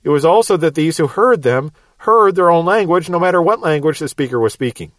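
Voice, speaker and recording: Casual. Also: male voice, on the high side, animated, brisk, fairly bright tone, no room sound. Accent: Midwestern American. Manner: explanatory, repeats words, light chuckles. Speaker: Bible teacher. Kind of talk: verse-by-verse Bible teaching.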